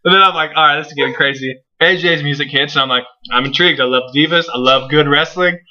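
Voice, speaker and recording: Young male co-host, jokey storyteller, bright voice, lo-fi mic. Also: fairly high pitch, quick pace. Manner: excitable, jokey storytelling with acted asides. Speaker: co-host, divas correspondent. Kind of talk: casual wrestling review chat. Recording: lo-fi home recording.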